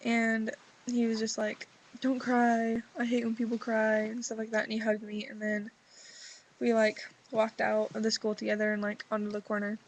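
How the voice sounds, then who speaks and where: Sick teen girl with a gravelly voice. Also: mid-range voice, completely flat delivery, normal speed, slight background noise, rough recording. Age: teens. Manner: rambling, filler-heavy teen talk. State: sick, voice lower than usual. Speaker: vlogger. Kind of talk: reading a journal entry, then casual confessional chat.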